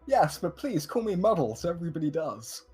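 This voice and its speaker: A fairly high, husky man speaks in character with theatrical, overly formal phrasing. Soft music runs underneath. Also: big pitch swings, normal speed. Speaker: player. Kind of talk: in-character role-play.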